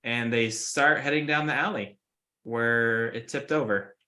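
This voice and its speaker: Bright-voiced man running a tabletop game. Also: medium pitch, unhurried. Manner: casual, many fillers, describing scenes. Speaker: game master.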